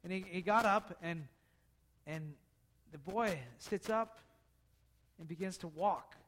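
Brief: a high-voiced male preacher, chatty storytelling sermon, asks the room questions. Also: slow, a bit bright. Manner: conversational, asks the listeners questions.

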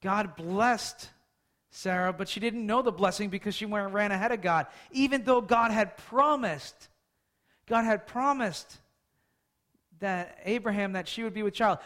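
Man, preacher, high voice, sermon, conversational, asks the audience questions. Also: moderate pace, a bit bright.

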